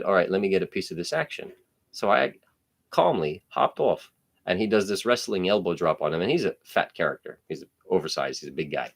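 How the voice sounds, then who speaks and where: A man in his thirties from New Jersey, telling a profane, blunt story in casual chat. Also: low voice.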